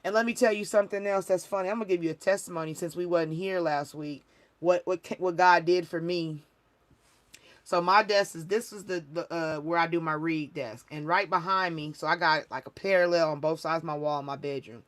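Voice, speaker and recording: A woman's voice: lowish voice, fairly even intonation, fairly quick. A woman hosting a spiritual reading livestream, talking casually in an emphatic, rambling, preachy way. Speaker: spiritual reader and livestream host.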